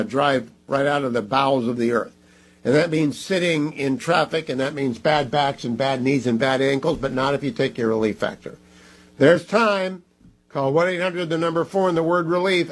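A man's voice: a little high, fairly even intonation, normal speed. A middle-aged man hosting a radio talk show, reading ads live in an emphatic, conversational way and repeating phone numbers.

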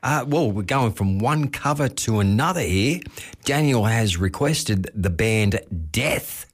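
An Australian man with a low voice hosting a music radio show. He is easygoing and chatty as he reads out listener requests. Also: expressive, unhurried. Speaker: radio host. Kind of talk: casual chat.

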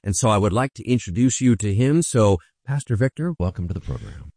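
A man's voice: lowish voice, lively intonation, a little fast, warm tone, no echo, studio quality. A man hosting an interview, a pastor, affirming his guest and asking about his life. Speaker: host, pastor.

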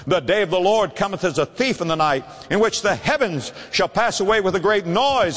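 A man preaching a sermon with impassioned, pleading delivery that swings from loud to hushed. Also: sits high, expressive, brisk, few pauses, big-room sound.

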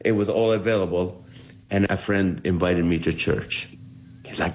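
Middle-aged comic guy, kinda low voice, animated storytelling in an interview, does all the voices. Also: moderate pace, slight background noise. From Holy Land. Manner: animated, acts out the quoted voices. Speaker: comedian guest.

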